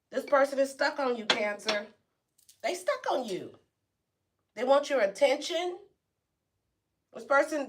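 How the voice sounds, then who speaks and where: A woman's voice: high-pitched, a bit bright. A woman giving a casual tarot reading to camera, playful and brash, swearing and acting out reactions. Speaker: tarot reader.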